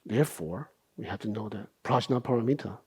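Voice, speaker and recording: A middle-aged man giving a Buddhist dharma talk as a meditation teacher. He explains things at an unhurried pace, asking rhetorical questions and often adding "right?". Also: lowish voice, a little mellow, breathy edge.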